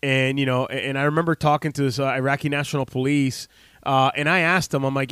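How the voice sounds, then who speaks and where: His voice is mid-range and a bit bright, with fairly even intonation and a quick pace, clear and resonant. He's an American health practitioner in his late thirties giving a casual, rambling, heartfelt monologue to camera, full of fillers and restarts. The recording is dry with clean studio sound.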